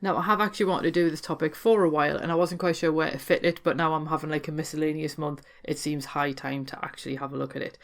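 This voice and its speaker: A woman's voice: deep voice, steady tone, fast, hardly any pauses. A woman with a Geordie accent hosting a podcast, talking through her topic in a chatty, explanatory way. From Newcastle, North East England. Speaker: podcast host. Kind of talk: podcast monologue.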